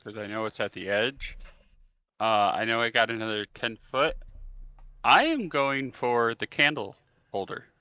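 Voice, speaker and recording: Player, man, bright forceful tone, hesitant, dry dull mic. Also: medium pitch, unhurried, clear, resonant tone, no echo. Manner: hesitant, lots of restarts. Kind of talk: casual tabletop game play.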